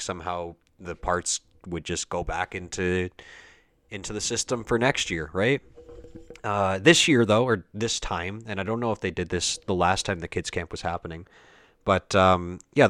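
A young man chats loosely, circling back and correcting himself as he goes. His voice sits a little low and smooth, and the recording is dry and close with no room sound. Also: a bit bright, no room sound. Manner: rambling, full of fillers and self-corrections. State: has the hiccups. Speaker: speaker recounting a family kids' camp. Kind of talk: casual rambling monologue.

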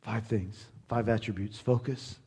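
A man's voice: lowish voice, fairly even intonation, a little slow, warm tone, husky. A man from Southern Indiana preaching a sermon as pastor, conversational, earnest and encouraging.

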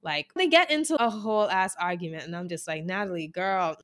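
Expressive storytelling woman co-host. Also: medium pitch, brisk. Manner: expressive storyteller, acts out voices, swears. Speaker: podcast co-host. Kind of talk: casual chat.

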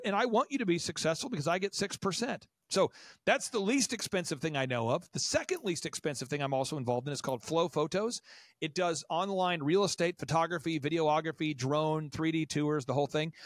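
An American man in his forties, talking fast and animatedly as he gives business advice. His voice sits a bit high for a man and is recorded very dry, with no room sound behind it. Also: no echo. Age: 40s. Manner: animated, acts out quoted voices. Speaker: podcast guest. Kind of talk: enthusiastic business advice talk.

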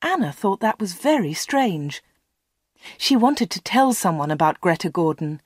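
A woman narrating a storybook slowly and clearly for learners. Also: fairly low pitch, very animated, no echo, studio quality. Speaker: audiobook reader.

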